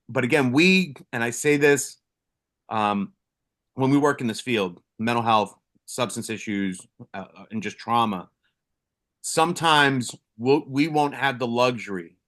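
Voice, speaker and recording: Middle-aged man, blunt and profane, mid-pitched, casual storyteller with lots of restarts. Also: animated, a little slow, fairly bright tone. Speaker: podcast co-host, retired first responder.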